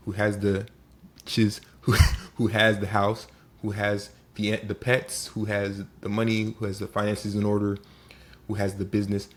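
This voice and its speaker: A man giving a casual motivational talk as host, animated and acting out little scenes. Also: on the low side.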